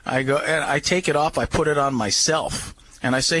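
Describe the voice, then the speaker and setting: A man's voice: fairly high pitch, normal speed, dry recording. A man, a dog trainer, telling stories in casual chat and animatedly acting out what people said. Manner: animated, acts out quotes.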